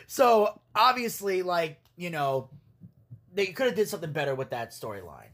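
A man's voice: high-pitched, expressive, fast, bright, forceful tone. A man hosting a casual podcast, telling wrestling stories in a rambling, profane way and laughing as he goes. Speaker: podcast host. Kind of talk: casual storytelling recap.

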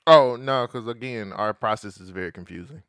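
A man co-hosting a podcast in casual chat, slangy and animated, with frequent profanity. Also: fairly low pitch, moderate pace, no echo, studio quality. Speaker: podcast co-host.

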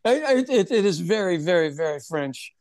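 A man's voice: high voice, expressive, a little fast, a little mellow, dry recording. Rambling podcast co-host, man. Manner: rambling, repeats words, laughs often. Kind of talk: casual chat.

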